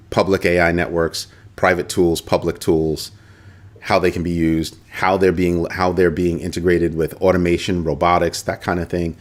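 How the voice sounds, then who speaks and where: A middle-aged man hosting a casual livestream, animated and chatty, talking straight to his viewers and often repeating himself. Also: sits low. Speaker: host of a crypto livestream.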